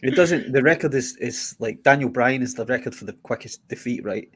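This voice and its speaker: A man co-hosting a casual wrestling podcast, quick and argumentative, teasing the others. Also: mid-range voice, breathy edge. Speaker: podcast co-host.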